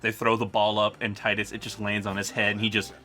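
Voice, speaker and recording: A man's voice: fairly low pitch, fast. A man chatting and teasing his friend as they play a video game together. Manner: lively, teasing banter. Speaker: co-commentator. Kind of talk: casual gaming commentary.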